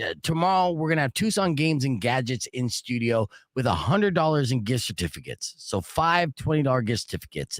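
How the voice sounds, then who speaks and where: A man hosting a radio morning show, telling stories casually in a joking, animated way and running a call-in game. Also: mid-range voice, no echo, clean studio sound. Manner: animated, joking, acts out quoted voices. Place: radio studio. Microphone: studio microphone.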